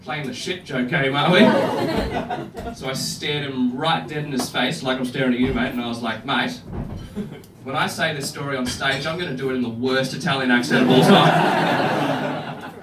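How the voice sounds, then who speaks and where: A young man doing stand-up comedy, telling a story in an animated way and acting out other people's lines. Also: medium pitch, a little fast, noisy background. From Australia. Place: comedy club stage. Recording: echoey club room from far off, audience laughter.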